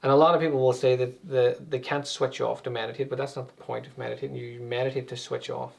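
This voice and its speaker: A man's voice: mid-range voice, level tone, quick pace, vocal fry. A man, an anxiety and meditation coach, explaining things conversationally with everyday examples as an interview guest.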